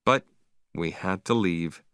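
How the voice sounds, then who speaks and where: Slow, expressive male story narrator. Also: sits low, clear, resonant tone, dry recording, clean studio sound. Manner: lively, expressive reading. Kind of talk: slow, clear storybook narration for English learners.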